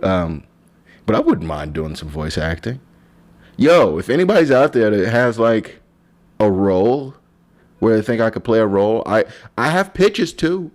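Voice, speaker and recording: Low-voiced man rambling on a podcast. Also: sing-song, measured pace. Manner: rambling, joking, self-interrupting. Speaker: podcast host. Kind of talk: casual solo podcast monologue.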